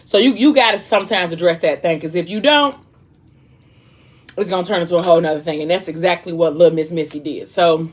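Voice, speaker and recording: A woman's voice: fairly low pitch, fast talker. A young woman vlogger casually retelling a book in a chatty, slangy way while she eats. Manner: chatty, slangy storytelling, eating between lines. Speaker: vlog host.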